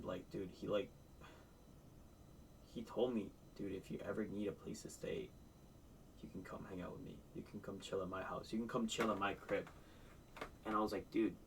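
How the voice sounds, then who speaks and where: A man's voice: lowish voice, steady tone, a little fast, pauses often, far from the mic, a little hiss or hum, rough recording. A man reacting to a music video, telling absurd made-up stories in a mock-sincere tone. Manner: tells outlandish tall tales in a mock-sincere tone.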